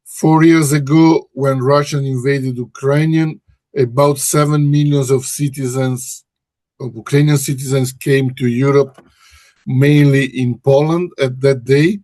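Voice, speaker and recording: Slow, hesitant man. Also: mid-range voice, steady tone, a little mellow, no echo. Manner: hesitant, frequent restarts and self-corrections. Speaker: webinar host and research director. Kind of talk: presenting a webinar. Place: office in Brussels.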